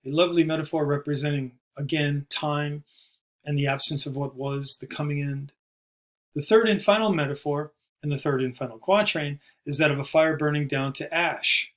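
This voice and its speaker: Man, slightly high voice, poetry lecturer, measured, explanatory. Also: fairly bright tone. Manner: measured, explanatory, slows to stress terms. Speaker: poetry teacher. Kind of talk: recorded video lecture.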